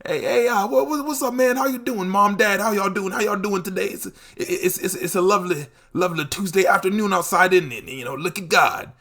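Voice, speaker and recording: A man's voice: high voice, brisk, hardly any pauses, pushed and bright, voice pushed up, full character voice. A man doing a chatty, stammering old man. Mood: cheery. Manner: cheery, rambling, stammering. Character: chatty friendly older man giving advice.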